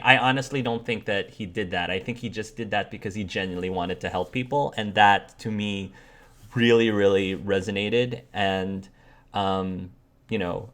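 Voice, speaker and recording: A man's voice: fairly low pitch, fairly even intonation, moderate pace, fairly bright tone. A man hosting as game master, chatting casually and giving earnest, emphatic praise to his players. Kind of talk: casual chat.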